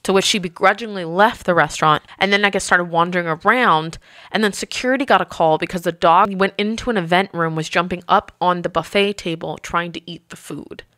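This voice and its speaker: Bright-voiced woman telling hotel stories. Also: lowish voice, a little fast, dry recording, studio quality. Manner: lively, acts out voices of people she quotes. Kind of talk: casual podcast storytelling.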